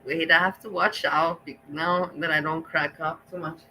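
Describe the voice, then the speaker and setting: A woman's voice: low voice, steady tone, moderate pace, bright, forceful tone, a little hiss or hum, poor audio. A woman reacting on a live stream, talking bluntly and emotionally with frequent laughter.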